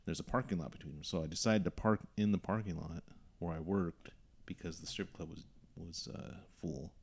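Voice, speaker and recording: A man's voice: sits low, fairly even intonation, normal speed, husky. A young man hosting a podcast, telling a story casually and acting out the voices of the people in it. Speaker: podcast host.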